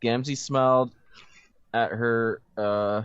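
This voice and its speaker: A man's voice: medium pitch, fairly even intonation, takes it slowly, clean tone, dry recording. Young man reading a story aloud, lo-fi. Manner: reads aloud, breaks off to joke and laugh. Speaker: reader of fanfiction. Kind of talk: comedic dramatic reading with banter.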